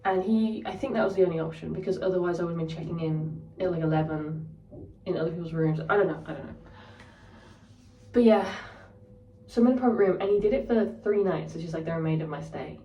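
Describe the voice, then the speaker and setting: A woman's voice: fairly low pitch, quick pace, dark tone, recorded from a distance, dull audio, a little hiss or hum. A young woman casually telling a story, candid and sweary, ranting. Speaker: vlogger. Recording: roomy echo, voice set back from the mic.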